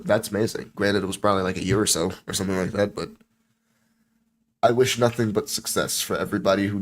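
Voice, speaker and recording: Rambling late-night male streamer, low lively voice. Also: a little hiss or hum. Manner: rambling, self-mocking, easily sidetracked. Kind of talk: casual solo stream chat.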